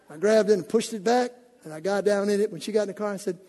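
Brief: man, pastor type, high and husky, animated storytelling sermon, church hall reverb. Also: fast, hardly any pauses. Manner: animated storytelling, acting out voices. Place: church sanctuary.

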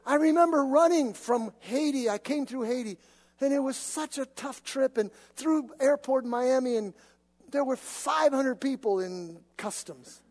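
A man preaching a sermon, telling stories in an animated, conversational way. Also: very high voice, unhurried. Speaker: pastor. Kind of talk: sermon with personal storytelling. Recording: long reverb of a large hall.

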